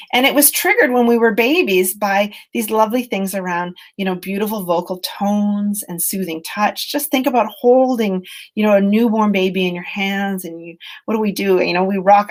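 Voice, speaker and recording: Gentle, earnest woman leading a webinar. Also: medium pitch. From British Columbia, Canada. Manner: gentle, earnest, conversational with many "you know"s. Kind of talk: webinar talk on self-compassion.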